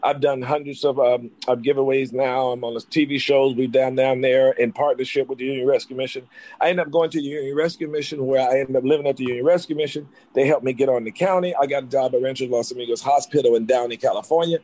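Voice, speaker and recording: A man from North Carolina, an actor, telling his life story in an interview with rapid, excitable talk full of restarts. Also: medium pitch. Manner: rapid, excitable, jumps back and forth with restarts.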